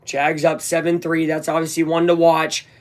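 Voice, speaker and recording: Speaking at a normal pace, this fan watch-along commentator has a slightly high, monotone voice. He calls the game live in a loose, rambling style and openly vents his frustration.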